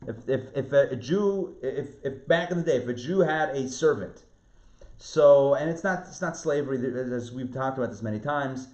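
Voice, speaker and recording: A man, a rabbi, teaching an online Torah class, lively, restarting phrases and asking his students questions. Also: medium pitch, moderate pace. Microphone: video call. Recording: roomy, muffled video-call audio.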